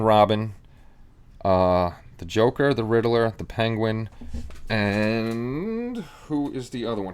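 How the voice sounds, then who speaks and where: Low, smooth-voiced man chatting. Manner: rambling, with frequent restarts and fillers. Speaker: live stream host. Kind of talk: casual live stream chat.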